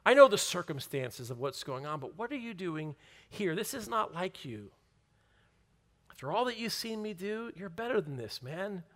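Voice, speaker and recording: A man voicing God as patient and gently firm, coaxing with repeated questions. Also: high voice, sing-song, moderate pace, pitched above the performer's own voice. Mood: probing.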